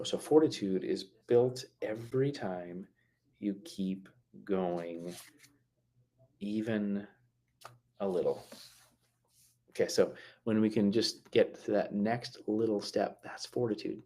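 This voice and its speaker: A fairly low-voiced man hosts a live stream about mental health. He talks in a loose, conversational way, full of fillers and restarts, and he slows right down to lean on key words. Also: dark tone. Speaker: mental health talk host.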